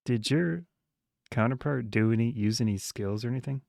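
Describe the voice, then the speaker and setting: A man's voice: medium pitch, normal speed, vocal fry, darkish tone, no echo, studio quality. A man playing in a tabletop game, talking in character in a hesitant way with many fillers. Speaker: player. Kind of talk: casual tabletop game chat.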